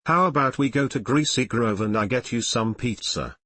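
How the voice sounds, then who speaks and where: A man's voice: medium pitch, normal speed, sharp tone, no echo. A man voicing a playful, boastful teenage boy who jokes and sulks, in an audiobook reading of fan fiction.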